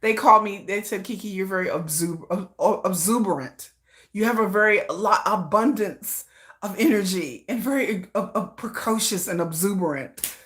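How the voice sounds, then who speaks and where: A woman hosting a casual livestream, chatty and high-energy, who laughs often and acts out playful scenes. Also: normal speed, fairly bright tone. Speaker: livestream host.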